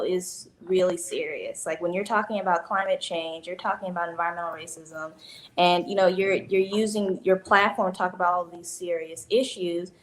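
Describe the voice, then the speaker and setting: A woman in her early twenties speaking on a panel, earnest and thoughtful, with many fillers. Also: lowish voice. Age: 20s. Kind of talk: panel discussion.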